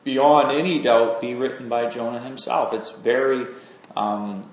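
A man delivers an informal sermon, thinking aloud with frequent pauses and restarts. His voice sits at a middle pitch and carries a roomy echo. The recording sounds dull and lo-fi. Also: steady tone. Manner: halting, many fillers and restarts, conversational. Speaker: preacher. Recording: echoey room, dull lo-fi sound.

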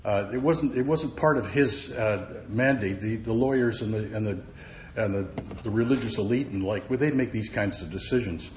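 A man teaching verse by verse from the Bible, halting often with fillers and repeated words. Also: fairly low pitch, slight background noise. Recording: roomy, dull recording.

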